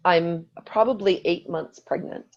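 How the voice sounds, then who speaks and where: A woman in her forties telling a lively personal story in a motivational talk to her team, acting out what she said. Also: fairly low pitch, a little slow, dull audio. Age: 40s. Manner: animated storytelling, acts out quotes.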